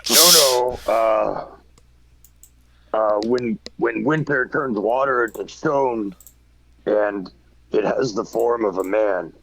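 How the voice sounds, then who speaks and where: A man voicing a wary male adventurer who speaks in a flat, halting monotone. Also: lowish voice, vocal fry, a little hiss or hum, full character voice, low-quality recording. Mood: apprehensive.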